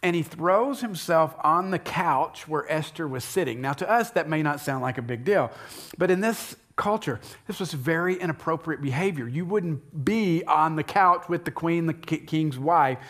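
A pastor giving a sermon, retelling a story in an animated, conversational way with asides to the congregation. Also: male voice, a little high, moderate pace.

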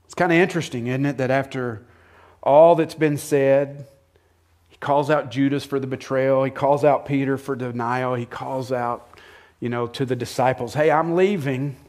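A man preaching a sermon in a conversational way, asking the listeners questions and acting out lines with sudden shifts between loud and soft. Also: mid-range voice, fairly even intonation, normal speed. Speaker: pastor.

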